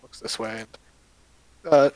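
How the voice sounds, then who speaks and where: A man's voice: slow pace, a little mellow, rough recording. Casual man running a tabletop game. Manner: casual, rambling with fillers. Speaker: game master.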